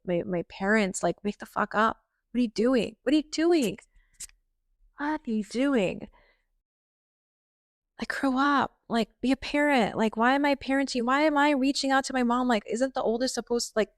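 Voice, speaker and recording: A woman's voice: mid-range voice, clean tone, no room sound, studio quality. A young adult woman hosting a podcast, venting in a raw, exasperated personal monologue with frequent swearing. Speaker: podcast host.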